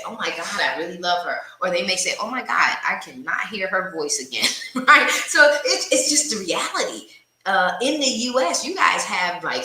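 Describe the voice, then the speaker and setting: A woman hosting a live-stream panel, talking in a lively, animated way and laughing easily. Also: low-pitched, roomy sound, poor audio. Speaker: host.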